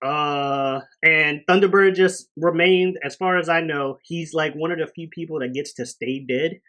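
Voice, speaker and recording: Man, podcast co-host, casual chat, animated storytelling, loud bursts for acted lines. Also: fairly high pitch, normal speed. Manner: animated storyteller, acts out characters loudly.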